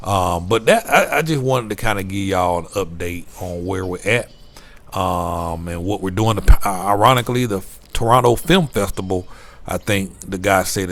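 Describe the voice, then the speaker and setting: A man with a deep, low voice gives a casual video update into his phone at night. He rambles, restarts and repeats words as he goes. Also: normal speed, fairly bright tone. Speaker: vlogger. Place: rented room at night.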